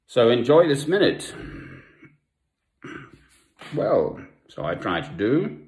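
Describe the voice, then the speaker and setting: An older man from South Africa, talking at home in a rambling personal monologue with pauses and asides. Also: medium pitch, huge pitch swings, a little mellow. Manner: meandering, with long pauses and asides. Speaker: Christian vlogger. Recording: echoey room.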